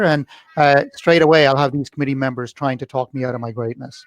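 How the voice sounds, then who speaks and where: A man's voice: mid-range voice, fairly even intonation, quick pace, hardly any pauses, dry recording. A man co-hosting a live call, chatty and given to jokey asides. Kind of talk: casual chat on a live call.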